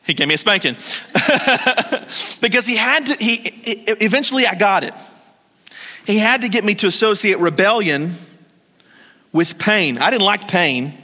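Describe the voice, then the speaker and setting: A man preaching a sermon as pastor of a church, telling stories in a lively way and calling on the congregation to answer him. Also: high-pitched, a little slow, long pauses. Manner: lively storytelling, calls on the congregation to respond. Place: church hall. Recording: long hall reverb.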